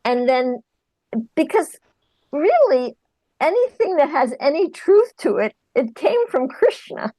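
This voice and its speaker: A woman's voice: high-pitched, big pitch swings, slow, warm tone, dry recording, poor audio. A woman in her forties, a guest recounting her inner journey in an earnest, searching way. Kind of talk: reflective personal account.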